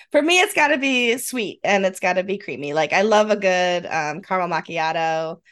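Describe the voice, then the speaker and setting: A woman's voice: lowish voice, expressive, normal speed, fairly bright tone, smooth. A woman in her fifties with a Western New York accent, a podcast host in casual chat who laughs often and trails off mid-sentence. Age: 50s.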